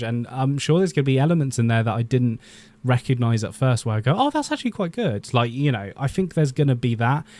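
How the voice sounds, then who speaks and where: A man hosting his own video channel, chatting casually and with strong opinions about upcoming superhero films, often pausing with "um" and restarting sentences. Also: medium pitch, mellow. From Britain. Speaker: YouTube film commentator.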